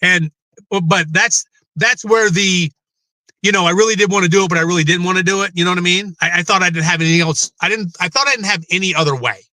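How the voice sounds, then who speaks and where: A middle-aged man with a bright, forceful voice, pitched a bit high, tells his own hard story as an interview guest. He rambles, restarts his sentences and swears freely. The sound is dry and close. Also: fast talker, dry recording. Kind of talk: candid personal interview.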